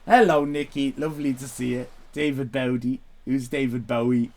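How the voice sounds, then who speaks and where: A man's voice: medium pitch, steady tone, normal speed, hardly any pauses, darkish tone, faint music behind. A man in casual live-stream chat, rambling, sweary and self-mocking.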